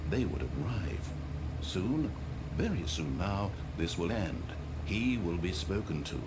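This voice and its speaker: A man voicing a calm, wry male narrator in a video game, speaking in measured, dry storybook narration. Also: lowish voice, very noisy, full character voice.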